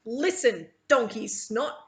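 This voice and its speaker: Woman reading feisty bossy girl, scolding, raised pitch, storybook read-aloud. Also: big pitch swings, slow pace, heavily acted. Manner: scolding, insistent. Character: fierce feisty young girl, bold and bossy.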